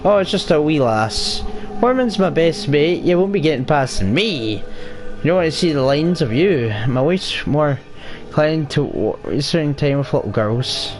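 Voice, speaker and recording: A man reading a huge, gruff, unfriendly man's lines in a video game, sounding dismissive. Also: a little high, lively intonation, a little slow, faint music behind.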